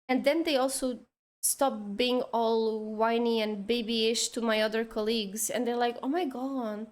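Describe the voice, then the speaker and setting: A woman's voice: a little high, measured pace. A woman chatting casually on a drawing stream, telling stories and acting out the kids she teaches. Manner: animated storytelling, acting out kids' voices. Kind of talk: casual chat while drawing.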